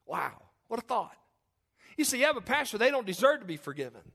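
Man, pastor, mid-life; folksy sermon, jokes and restarts, pitched high. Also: very animated, fairly quick, creaky, fairly bright tone, husky. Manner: folksy, joking asides, repeats himself.

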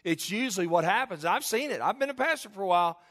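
High-voiced preaching pastor, animated. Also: male voice, fast. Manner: animated preaching, acting out voices of listeners and people in stories. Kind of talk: sermon.

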